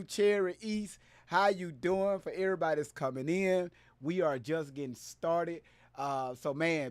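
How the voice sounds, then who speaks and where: A man hosting a casual live stream, loud and playful, hyping up his viewers and greeting them by name. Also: fairly high pitch, dry recording.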